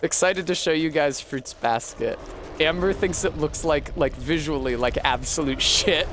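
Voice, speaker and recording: A man's voice: a little high, normal speed, noisy background. A man streaming a video game, rambling through profane, joking retellings of a book. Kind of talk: casual gameplay chat.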